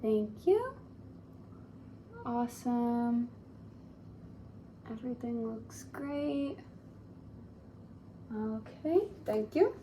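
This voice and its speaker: A woman's voice: fairly high pitch, animated, drawn-out words, pauses often, mellow, slight background noise. A young woman giving a clinical exam, giving polite step-by-step instructions and often saying "awesome". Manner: polite, encouraging, repeats "awesome". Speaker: speech therapy student examiner.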